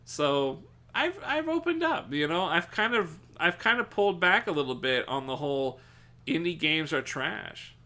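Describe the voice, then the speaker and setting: A man streaming live, chatting casually with his viewers, cursing freely, laughing often and yelling at chat when excited. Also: on the high side, moderate pace.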